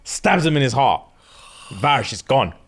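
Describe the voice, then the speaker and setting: A man's voice: medium pitch, big pitch swings, moderate pace, husky. Guy on a podcast going off retelling a plot, acting out lines, swearing, voice jumping all over. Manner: recaps a plot with bursts of acted-out character lines and swearing. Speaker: podcast co-host. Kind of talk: animated story retelling.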